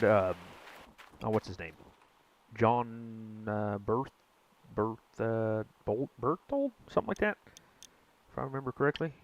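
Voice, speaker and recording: A man's voice: on the low side, a little hiss or hum, rough recording. A young man giving casual gameplay commentary, chatting with viewers in a rambling, self-correcting way with mild exclamations. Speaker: gaming streamer.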